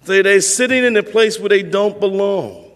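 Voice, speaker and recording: A man's voice: high-pitched, normal speed, big-room sound. A male pastor preaching a sermon in a conversational way, repeating points for emphasis.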